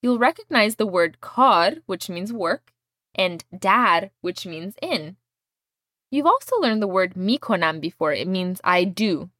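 A woman teaching a language lesson, explaining words patiently and clearly and modeling each one for her student to repeat. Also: mid-range voice, animated, moderate pace, fairly bright tone, no echo, clean studio sound.

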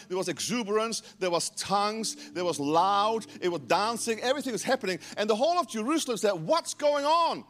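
A man preaching a lively sermon as pastor, acting out quoted voices with emphasis. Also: sits high.

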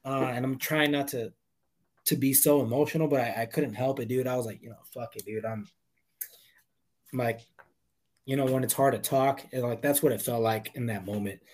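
A man co-hosting a podcast, telling a story in an excitable, profane, confessional way. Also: mid-range voice, moderate pace, pauses often. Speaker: podcast co-host. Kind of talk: casual movie review chat.

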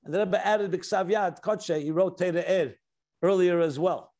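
A man with a notably high voice delivers a Torah lecture as a rabbi. He explains step by step, leans hard on key words and slips between English and Hebrew and Yiddish terms, reading quoted passages aloud. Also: normal speed, a little mellow. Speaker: rabbi teaching a class.

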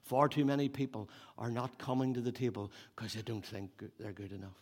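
A man's voice: mid-range voice, little pitch movement, brisk, darkish tone. An older man preaching a sermon, repeating phrases for emphasis.

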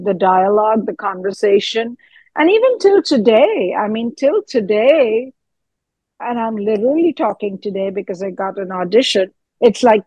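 In a casual interview, a fifty-something actress speaks earnestly and animatedly, with fillers and trailing thoughts. Her medium-pitched voice is darkish and husky, with no room sound and poor audio.

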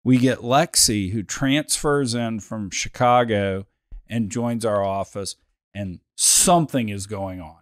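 A man co-hosting a podcast, telling a workplace story in casual chat, with lively acted quotes. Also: on the low side, slow pace, no echo, studio quality. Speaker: podcast co-host.

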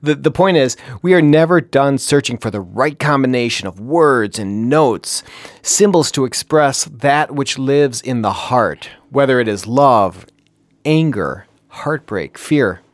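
A man from Wisconsin co-hosting a podcast, casual and halting, with dry joking asides. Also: mid-range voice, lively intonation, no echo. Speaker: podcast co-host. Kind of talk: casual chat.

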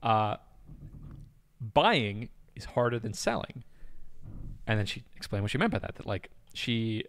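A man's voice: on the low side, no echo. A man hosting a podcast in casual chat, retelling a story with frequent laughs and fillers. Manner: chatty, laughs often, many fillers. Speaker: podcast host.

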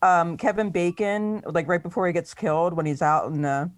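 A woman co-hosting a casual chat, telling stories animatedly and laughing easily. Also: on the low side. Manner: animated storytelling, quick laughter.

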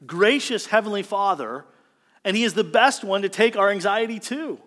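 A man preaches a sermon in a fairly high voice, his pitch and volume climbing whenever he stresses a point. He sounds earnest and direct. The sound rings with the long reverb of a church hall. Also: fairly quick, a bit bright. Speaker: pastor.

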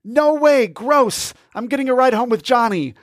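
Man putting on a squeaky, panicky nerdy boy. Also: expressive, normal speed, no room sound, clean studio sound. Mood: panicked. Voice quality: squeaky, high and shrill. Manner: panicky shrieking. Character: squeaky nerdy young boy, skittish and whiny.

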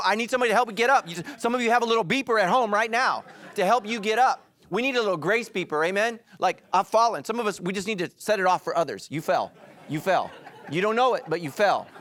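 High, lively male pastor preaching. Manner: animated and joking, acts out quick quoted voices. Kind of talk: energetic sermon. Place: church.

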